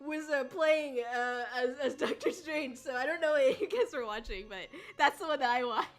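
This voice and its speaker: A woman's voice: high voice, expressive, normal speed. A woman streaming as a VTuber, chatting casually in a rambling way, swearing and laughing often. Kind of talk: casual livestream chat.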